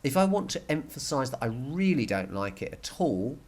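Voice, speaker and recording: A man's voice: medium pitch, big pitch swings, darkish tone, breathy edge. Patient man teaching Spanish. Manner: patient, repeats words slowly for learners. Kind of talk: recorded grammar lesson.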